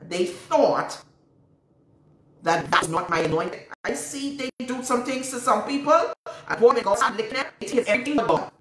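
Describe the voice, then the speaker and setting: With background noise behind her, a Bahamian prophetess speaks at normal speed in a slightly high, animated voice. She preaches emphatically, repeats herself, quotes scripture, and responds to questions from viewers, all captured by a distant mic in a roomy setting.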